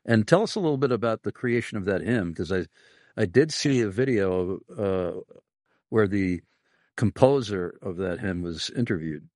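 A man's voice: on the low side, animated, normal speed, darkish tone, no echo, studio quality. A man hosting an interview, asking questions and announcing a break. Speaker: host. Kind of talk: radio-style interview hosting.

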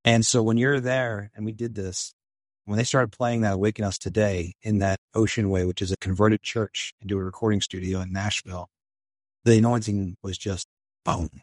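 A man's voice: on the low side, little pitch movement, moderate pace, dry recording. A man in an interview telling a story with enthusiasm, acting out quotes in a raised voice. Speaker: film director and writer.

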